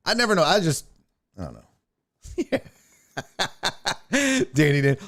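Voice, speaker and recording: A man's voice: on the high side, wildly swooping pitch, measured pace, pauses often, fairly bright tone. A man hosting a podcast, telling rambling road-trip stories in casual, profane talk. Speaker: podcast host. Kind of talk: casual storytelling monologue.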